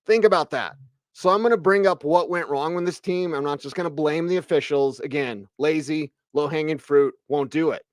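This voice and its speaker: A man's voice: a little high, moderate pace, no echo. A man hosting a postgame sports radio show, giving emphatic, opinionated takes full of rhetorical questions. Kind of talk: postgame sports talk rant.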